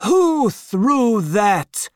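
A reader voicing a proud, pitiless aristocratic man of about sixty who talks in a slow, contemptuous drawl. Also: mid-range voice, lively intonation, clean tone, no room sound, clean studio sound, pitched above the performer's own voice. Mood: haughty. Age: 60s.

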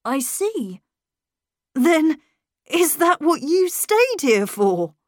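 A woman voicing a clever young boy who speaks in a smooth, polite way with a cold edge underneath. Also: sits high, sing-song, slow pace, dry recording, studio quality, voice pushed up, exaggerated voice. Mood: guarded.

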